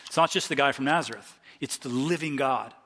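A man's voice: mid-range voice, brisk, a bit bright, in a large hall. A male pastor from Ohio giving a conversational expository sermon, stopping often to restart his sentences and reading scripture aloud. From Ohio, USA.

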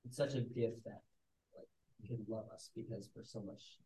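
Man in the class, low and flat voice, answering quietly and hesitantly. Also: moderate pace, a little hiss or hum, poor audio. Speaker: student in class.

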